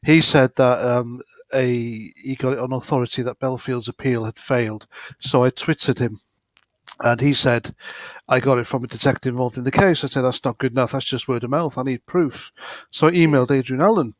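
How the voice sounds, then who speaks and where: A man's voice: medium pitch, steady tone, fairly quick, no room sound. A man chatting casually on a livestream, rambling with lots of fillers. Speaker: co-host guest. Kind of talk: casual live chat.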